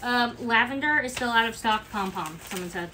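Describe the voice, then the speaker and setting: A woman with a fairly high voice talks fast and casually while she packs orders in an indoor workspace. She reads viewer comments aloud, and clear background noise runs under her voice. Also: expressive, pushed and bright. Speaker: helper packing orders. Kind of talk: casual livestream chat.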